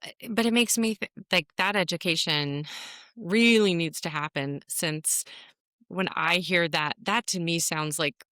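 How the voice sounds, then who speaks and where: A woman's voice: fairly low pitch, measured pace, a bit bright, no room sound, clean studio sound. A woman from Virginia co-hosting a podcast in casual chat, playful and laughing often. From Virginia, USA. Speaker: podcast co-host.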